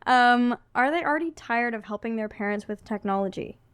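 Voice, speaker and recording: A young woman co-hosting a chatty podcast, her voice bright and very clear, a little high, leaning on "like" as she talks. The recording is dry and close, with no room sound. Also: fairly quick, dry recording. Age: young adult. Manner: chatty, full of "like", mimics voices in anecdotes. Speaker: podcast co-host. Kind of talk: casual chat.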